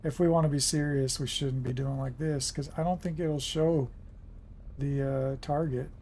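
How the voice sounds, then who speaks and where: A man's voice: medium pitch, fairly even intonation, moderate pace, a little mellow, slight background noise. A young man giving casual commentary while playing a naval game, muttering and swearing at what happens. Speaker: gaming streamer.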